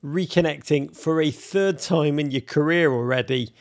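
A man's voice: a little high, moderate pace, creaky. A man hosting a podcast interview in a jokey, theatrical way. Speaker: podcast host. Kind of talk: playful interview.

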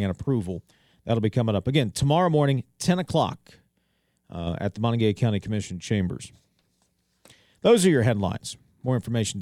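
A man's voice: mid-range voice, a little mellow, no echo. Radio guy doing local news and his own take, dead dry studio sound, lots of uhs. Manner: conversational, with frequent "uh" and restarts, wry asides. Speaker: radio talk show host. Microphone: studio microphone.

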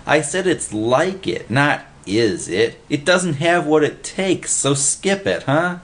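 A man's voice: on the high side, lively intonation, takes it slowly, fairly bright tone, pitched above the performer's own voice. A man voicing a well-read, lecturing male vagrant in a storybook reading. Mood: commanding. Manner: precise, lecturing, bossy.

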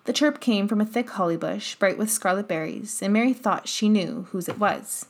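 Woman narrator, audiobook, calm, mid-pitched, steady. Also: normal speed, creaky. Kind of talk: scripted narration.

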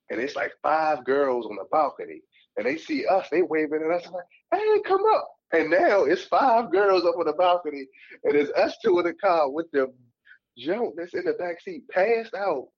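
A man's voice: a little high, breathy edge, dull audio. A young man co-hosting a podcast, telling a story in casual, slangy, profane speech. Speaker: podcast co-host.

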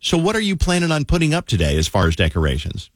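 A man hosting a morning radio show, chatting and teasing his co-hosts in a lively storytelling way on a dry studio mic. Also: on the high side, fast, no echo. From grew up on a chicken farm. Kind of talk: casual morning radio banter.

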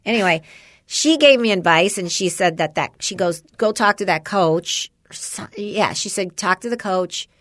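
A woman's voice: mid-range voice, animated, moderate pace, fairly bright tone, no echo, clean studio sound. A woman in casual chat with a friend, rambling through a story about her son and acting out what people said. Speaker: parent chatting with a friend.

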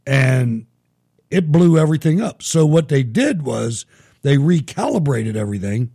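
A middle-aged man hosting a live show, telling profane, animated stories in casual chat. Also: mid-range voice, a little slow, breathy edge. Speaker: show host.

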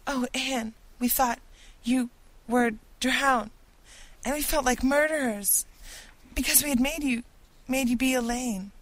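A frantic young girl gasps out her words through tears, as a woman narrator puts her on. The voice sits high and pushes loud in an audiobook reading. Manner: gasping, tearful, high and fast. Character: young girl Diana, breathless and weeping.

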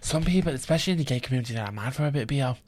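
A young Irish man co-hosting a casual podcast chat, rambling and crude and quick to laugh. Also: mid-range voice, animated, darkish tone. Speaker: podcast co-host.

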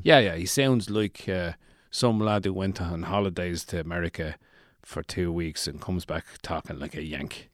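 A man interviews in a deadpan comedy style, with dry and skeptical questions. His voice sits low. The recording is close with no room echo. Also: normal speed.

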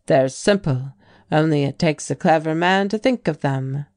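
A woman's voice: sits low, moderate pace, a little mellow, no echo, studio quality, close to an everyday voice. A woman reading the lines of a genial, dignified male bank president in an audiobook. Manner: genial, reassuring.

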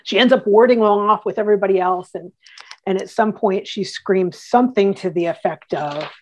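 Chatty woman telling lively stories. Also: mid-range voice, moderate pace. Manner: animated, acts out quotes, many restarts. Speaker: guest. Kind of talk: casual storytelling.

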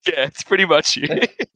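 Australian co-host, lively voice. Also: mid-range voice, measured pace. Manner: short agreeing replies, laughs often. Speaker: podcast co-host. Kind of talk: casual chat.

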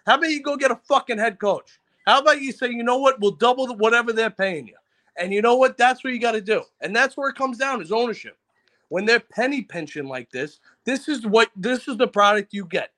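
A man's voice: extremely high pitch, expressive, sharp tone. A man, ranting angrily and profanely as a caller on a sports talk show. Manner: angry, profane, rapid-fire ranting. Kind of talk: ranting casual chat.

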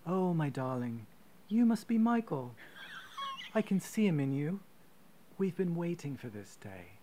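A man voicing a posh, gentle-seeming stepmother with a British accent in a comic podcast story. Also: fairly high pitch, very animated, unhurried, slight background noise, pitched above the performer's own voice. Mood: sweetly welcoming. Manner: gentle, then suddenly vicious.

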